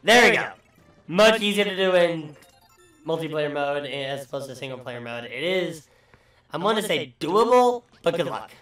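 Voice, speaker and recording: Casting: man, higher-pitched, loose and profane game commentator, recorded in an echoey room away from the mic. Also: lively intonation, moderate pace, fairly bright tone, far from the mic, soft background music. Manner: profane, rambling, joking. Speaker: let's play host. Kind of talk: casual gameplay commentary.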